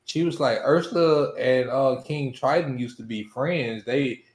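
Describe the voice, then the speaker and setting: A man's voice: medium pitch, a little slow, reverberant. A man in his thirties, a podcast co-host, talking in a laid-back, rambling way in casual chat.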